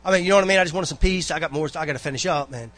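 A man's voice: on the high side, racing. Rambling, folksy man exhorting a congregation. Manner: rambling, folksy, with frequent asides. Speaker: church member giving a talk. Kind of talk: casual church exhortation.

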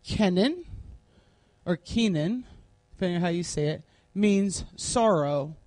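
A woman teaching a Bible class in a classroom, deliberately spelling out word meanings one at a time while she writes on a board. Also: lowish voice, a little mellow, no echo.

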